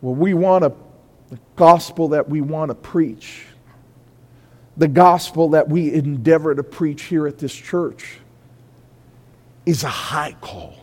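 A pastor preaching a sermon in a church, moving between quiet confession and loud, high-pitched exhortation. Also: male voice, slow, pauses often, long reverb tail. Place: church sanctuary.

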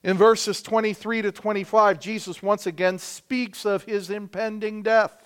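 A man preaching to his congregation in a smooth, resonant voice that sits a little high for a man. He talks through the passage conversationally, tossing in "right?" and pausing to correct himself. The delivery is loose and unscripted. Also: flat delivery. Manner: self-correcting, with fillers. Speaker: pastor. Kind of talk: expository sermon.

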